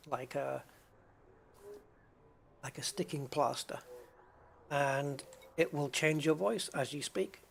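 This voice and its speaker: A man's voice: a little high, gravelly. A man chatting casually to his viewers while playing a game, rambling from topic to topic. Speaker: gaming streamer. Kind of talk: casual livestream chat while gaming.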